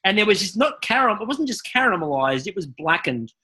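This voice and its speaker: A woman co-hosting a casual podcast, recapping a TV episode with animated storytelling. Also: medium pitch, brisk, husky. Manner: animated storytelling with mimicked quotes. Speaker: podcast co-host.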